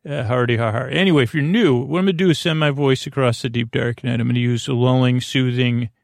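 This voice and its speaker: A man hosting a bedtime podcast, talking in a meandering, self-interrupting way with deadpan jokes and a creaky voice. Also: medium pitch, fast talker, no room sound, studio quality. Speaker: podcast host. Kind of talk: rambling bedtime podcast monologue.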